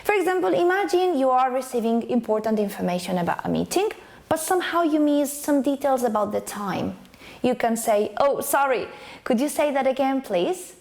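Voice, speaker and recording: A woman teaching English phrases, speaking clearly and acting out example lines to demonstrate intonation. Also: high voice, lively intonation, normal speed, darkish tone. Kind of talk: scripted lesson narration.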